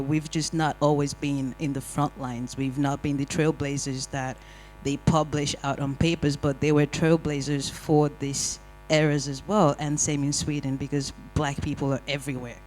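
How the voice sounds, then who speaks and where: A panel speaker telling lively, wry personal stories in a discussion. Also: mid-range voice, normal speed, faint music behind, low-quality recording. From Nigeria. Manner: animated, wry storytelling with acted-out quotes. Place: community hall panel.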